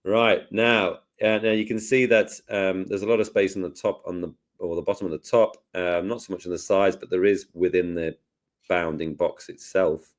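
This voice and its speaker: A man hosting a casual live software lesson, jokey and self-deprecating as he talks through each step. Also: low-pitched, fairly even intonation, moderate pace. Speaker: host, design tutor.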